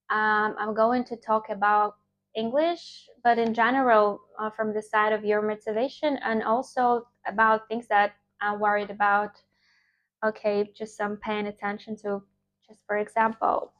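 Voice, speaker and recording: A young woman, a native Russian speaker, giving an informal motivational English lecture in an emphatic, animated way with fillers and restarts. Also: medium pitch. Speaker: English teacher.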